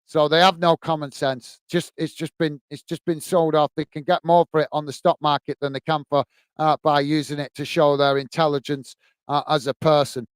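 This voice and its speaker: A man's voice: fairly high pitch, little pitch movement, normal speed, clean tone, no echo. A man hosting a live football watch-along stream. He rants passionately and chats with viewers, calling them mate, between bits of match commentary. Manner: passionate, ranting, chatty, addresses viewers as mate.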